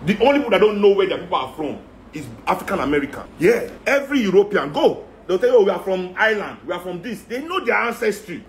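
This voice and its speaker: A man's voice: high-pitched, slight background noise. A man with a Nigerian accent giving an impassioned rant, firing off rhetorical questions. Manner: heated, rhetorical, repeating questions. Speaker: speaker in a talk.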